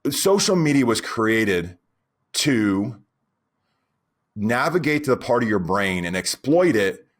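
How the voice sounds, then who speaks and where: Man, 40s, podcast co-host; low-pitched, animated storyteller who drifts into rants. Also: slow. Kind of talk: casual podcast chat.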